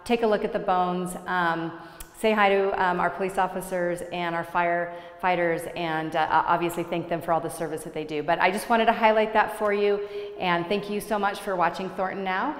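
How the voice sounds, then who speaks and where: A woman's voice: lowish voice, level tone, moderate pace. A woman, a mayor hosting a city TV show, talking to viewers in a casual, upbeat way with everyday fillers. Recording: echoey room with long reverb.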